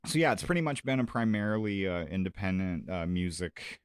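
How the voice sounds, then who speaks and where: A man's voice: low voice, animated, brisk, clear, resonant tone, dry recording. A man from South Dakota, a music and comedy promoter, chatting casually on a radio show, rambling with lots of fillers and restarts. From Sioux Falls, South Dakota.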